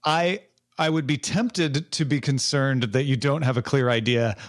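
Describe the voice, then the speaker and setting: A man in a relaxed chat gives feedback to a podcast team, circling his points with restarts and little laughs along the way. He sounds encouraging and easygoing. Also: mid-range voice, normal speed. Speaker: podcast coach.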